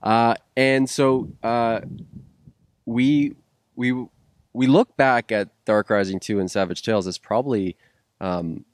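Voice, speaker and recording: A man's voice: medium pitch, fairly even intonation, slow pace, no echo, clean studio sound. A man co-hosting a casual chat about filmmaking, telling stories with many fillers and restarts. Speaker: co-host, filmmaker.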